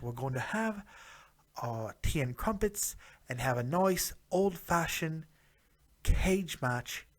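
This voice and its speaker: A man's voice: mid-range voice, close to an everyday voice. A man voicing a sarcastic, mock-proper British alter ego of himself in a put-on British accent, reviewing wrestling with dry, formal sarcasm. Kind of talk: comic wrestling review in character.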